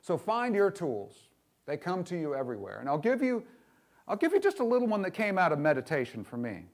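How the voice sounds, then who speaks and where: A middle-aged man preaching in a loose, conversational way, with a voice pitched a little above the usual male range. He keeps asking the congregation questions and sinks to a near-hush when he speaks tenderly. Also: wildly swooping pitch, brisk. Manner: drops to a soft, hushed voice in tender passages. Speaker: minister. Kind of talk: sermon.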